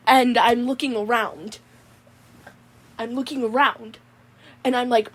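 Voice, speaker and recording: A woman's voice: on the high side, fairly even intonation, moderate pace. A woman telling a rambling comic dream story, peppering it with 'Mon'. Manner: rambling, says 'Mon' constantly. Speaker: comedy character storyteller.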